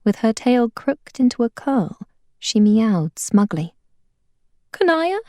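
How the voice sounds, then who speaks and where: Woman reading a kids adventure book out loud, animated, dry close sound. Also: on the high side, slow, no room sound. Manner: expressive storytelling. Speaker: narrator. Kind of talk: audiobook reading.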